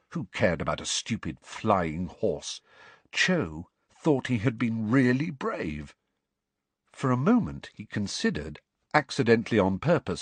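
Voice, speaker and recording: A man narrating an audiobook in an expressive storytelling manner. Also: on the low side, breathy edge, no echo.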